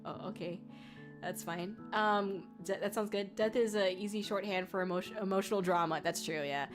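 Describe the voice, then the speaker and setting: A young woman streamer telling a story in casual chat, rambling with many fillers and restarts, laughing often and getting loud when excited. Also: medium pitch, moderate pace. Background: faint background music.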